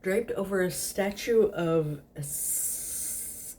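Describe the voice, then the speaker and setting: A woman's voice: mid-range voice, slow pace, warm tone, a little hiss or hum. A tipsy woman host reading a story aloud in a casual, giggly way, stumbling over words.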